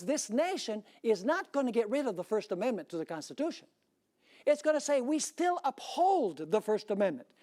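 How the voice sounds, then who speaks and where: A man preaching a sermon with conviction. He presses his points hard and keeps turning to the congregation with rhetorical questions. His delivery is steady and emphatic. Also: very high-pitched. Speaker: pastor.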